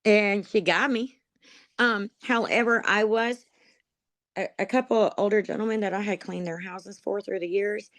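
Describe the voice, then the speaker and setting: A woman's voice: medium pitch, fairly even intonation, moderate pace, a bit bright, no room sound. Woman, interview testimony, rambling storyteller, lots of ums, laughs at herself, emotional, dry close mic. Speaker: interviewee, dog program graduate. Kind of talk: personal testimony, conversational storytelling.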